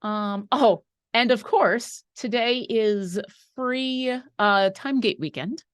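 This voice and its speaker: A woman's voice: fairly high pitch, clean tone, dry recording, studio quality. A woman co-hosting a live painting stream, reading viewer questions and chatting in a rambling, talkative way. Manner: chatty and rambling, quick asides.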